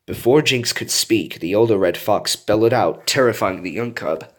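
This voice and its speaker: A man reading a fan story aloud in an animated way, doing voices for the characters. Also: on the low side, normal speed. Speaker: story reader.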